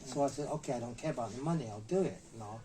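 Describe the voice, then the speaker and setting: Speaking rapid-fire in a medium-pitched voice, a middle-aged man who is a martial artist guest in an interview tells stories animatedly, raising his voice to act out the quotes. The audio quality is poor.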